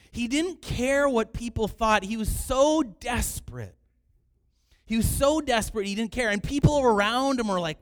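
A man preaching a sermon in an animated way, sometimes raising his voice to act out the people in his story. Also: extremely high pitch, unhurried. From Canada. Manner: animated preaching, acting out quoted cries loudly. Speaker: pastor.

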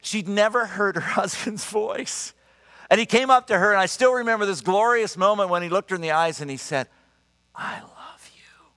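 A middle-aged man preaching a sermon, telling stories in an animated, emphatic and earnest way. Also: high voice, a little fast. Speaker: pastor. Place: church sanctuary. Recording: long reverb of a large church hall.

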